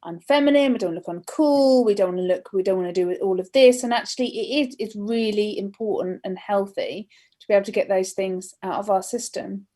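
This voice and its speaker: A woman's voice: mid-range voice, a little fast, dark tone. A British woman speaking on a live-streamed mental health panel in an earnest, chatty, encouraging way.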